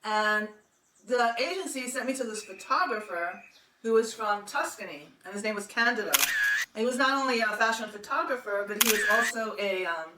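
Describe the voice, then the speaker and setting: Recorded far from the mic in a roomy space with a bit of faint noise, a woman in her sixties hosts a podcast and rambles through a long personal story. She's chatty and laughs a lot, speaking at a normal pace in a voice on the high side.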